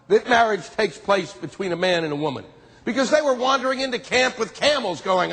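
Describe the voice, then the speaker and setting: A man doing a stand-up routine, ranting in disbelief with lively delivery. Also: sits high, a little fast, a little hiss or hum. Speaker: stand-up comedian. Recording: live hall with long reverb.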